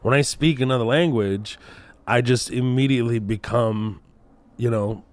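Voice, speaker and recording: A man in his thirties with a Texan accent, a comedian guest telling stories in casual podcast chat, animated and quick to laugh, slipping into accents. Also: medium pitch. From Kuwait. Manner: animated storyteller, laughs often, slips into accents.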